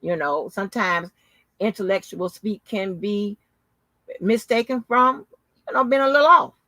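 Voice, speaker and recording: A woman hosting her own channel, telling a story in a casual, animated, profane and mocking way. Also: medium pitch, measured pace, no room sound. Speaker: channel host. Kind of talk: casual live-stream commentary.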